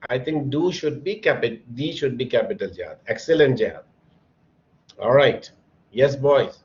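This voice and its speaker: Male English teacher, unhurried and encouraging, mid-pitched voice, dull lo-fi sound. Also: animated, darkish tone. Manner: slow, patient, encouraging, calls on students by name. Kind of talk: online classroom lesson.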